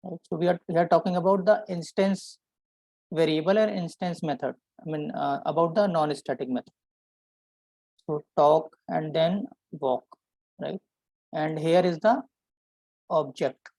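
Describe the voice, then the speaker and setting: A man teaching a programming lesson, explaining step by step and often checking in with a quick "right?". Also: fairly high pitch, vocal fry, darkish tone, no room sound, poor audio. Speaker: programming instructor. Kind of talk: live coding lesson.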